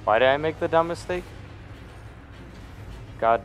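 A man's voice: a little high, a little slow, a bit bright, highs cut off. Man, gameplay commentary, grumbling and self-deprecating, tired, faint music behind. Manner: self-deprecating, frustrated muttering. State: sleepy. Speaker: gamer.

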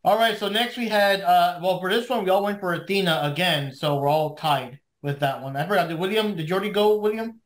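A man with a slightly high voice, talking loosely and rambling as he hosts a podcast chat. His voice carries a roomy echo. He laughs often between points. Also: a little fast, few pauses. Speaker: podcast host. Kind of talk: casual podcast review chat.

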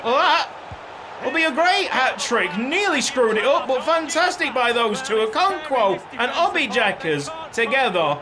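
A young man calls his football video game with a high, bright voice, shouting whenever a goal goes in. He talks at an unhurried pace between the bursts, over faint background noise. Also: sing-song. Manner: shouts and cheers at goals. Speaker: gaming YouTuber. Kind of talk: excited football game commentary.

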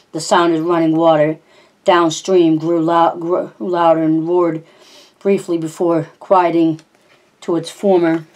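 A woman reading a novel aloud in a steady, plain narrating manner, with small slips now and then. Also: deep voice. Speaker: audiobook reader.

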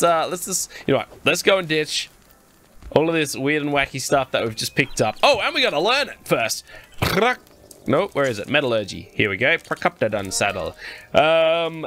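Bright, lively Australian gaming YouTuber. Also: male voice, a little high. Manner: excitable and chatty, talks to viewers. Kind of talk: Let's Play commentary.

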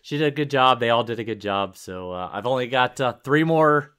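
A man's voice: medium pitch, animated, brisk, fairly bright tone, clear, resonant tone. A man co-hosting a podcast, easygoing and laughing often in casual chat. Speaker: podcast co-host.

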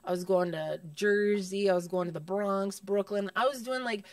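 A woman, a comedian, telling stories in casual chat, animated and profane, acting out other people's voices. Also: mid-range voice, normal speed, dry recording, distant mic. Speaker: guest comedian.

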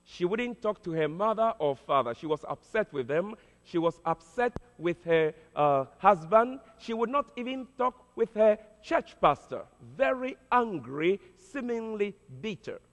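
A man's voice: high-pitched, big pitch swings, unhurried, few pauses. A man preaching as a pastor, telling a story earnestly and dramatically, with hesitant fillers. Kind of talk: storytelling sermon. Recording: long hall reverb.

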